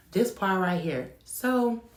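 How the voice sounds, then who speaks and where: A woman's voice: medium pitch, expressive, extremely slow, echoey room. A woman who runs a home child care business, talking frankly to the camera and telling her stories with emphasis. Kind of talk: candid talk-to-camera advice.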